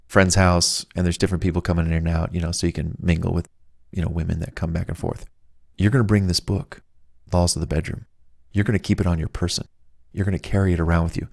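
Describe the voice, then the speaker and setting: Chatty salesman-style male author, deep voice, dry close mic. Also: a little mellow, dry recording. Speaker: author reading and riffing on his own book. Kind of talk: casual advice monologue.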